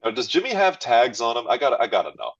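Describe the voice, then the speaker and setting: A man's voice: medium pitch, big pitch swings, fast talker, breathy edge, muffled recording. A man playing a tabletop role-playing game, laid-back and swearing casually as he describes his character's actions. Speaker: player.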